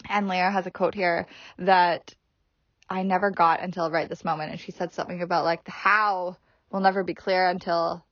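A woman's voice: on the low side, level tone, normal speed, no echo. A woman hosting a solo podcast, talking casually and chattily with many fillers and frequent laughs. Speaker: podcast host. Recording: dry, slightly dull podcast audio.

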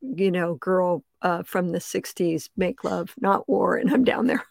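A woman's voice: lowish voice, unhurried, gravelly, dry recording. Older woman, interview guest, laughs a lot, dry close sound. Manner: laughs often, animated storyteller. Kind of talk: casual interview chat.

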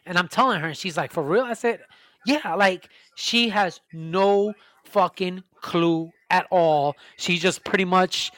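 A man's voice: sits high, measured pace, fairly bright tone, no echo. Podcast host, man, casual profane ranter, dry mic. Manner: profane ranting storytelling. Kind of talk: casual chat.

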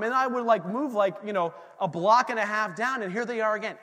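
A man's voice: high voice, fairly quick, hardly any pauses, pushed and bright, in a large hall. A middle-aged man, a pastor, preaching a sermon and telling a story, acting out his own reactions.

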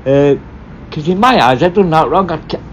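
A man's voice: a little high, animated, moderate pace, slight background noise, poor audio. Blunt swearing man telling stories. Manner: blunt, swears a lot, rambling with restarts. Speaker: former prison officer. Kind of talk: casual storytelling.

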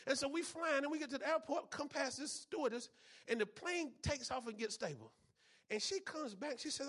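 A male pastor preaching with a very high, husky voice. He repeats key phrases and drops in amens, moving between near-whispered stretches and loud, driving ones. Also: very animated, a little fast. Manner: repetitive preaching with frequent amens, swinging between hushed and loud. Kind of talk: sermon.

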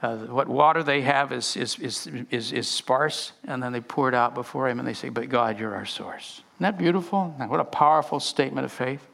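Male pastor, gravelly and bright, animated sermon delivery with restarts. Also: mid-range voice, brisk, hardly any pauses. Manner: animated, many restarts and repeated words.

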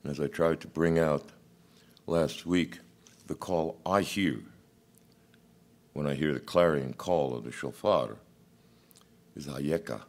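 Male preacher, sermon, reflective and halting, extremely deep voice. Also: a little mellow.

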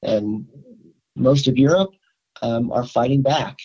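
An older man speaks as a rabbi in a casual interview, pitched at an ordinary middle height. He stops and restarts often, filling gaps with "um" and "uh". The sound is dull and lo-fi. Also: creaky, dark tone, breathy edge. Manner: halting, many fillers and restarts. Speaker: rabbi, podcast guest.

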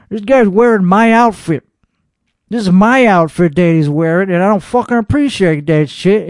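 A young man vents on his podcast in a high, reedy voice. He is boastful and irritable, and he swears in almost every sentence. The sound is dry and close, with no room around it. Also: a little mellow, dry recording. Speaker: podcast host reacting to a show. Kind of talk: profane comedic rant.

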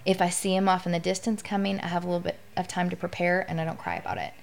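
A woman's voice: lowish voice, level tone, racing, gravelly. A middle-aged woman speaking candidly and with emotion as a guest in a conversational interview.

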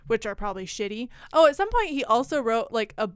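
A woman's voice: fairly high pitch, very animated, quick pace, clean tone, dry recording, clean studio sound. Wry, chatty woman podcaster. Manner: wry, chatty, many fillers. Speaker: podcast co-host. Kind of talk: casual storytelling chat.

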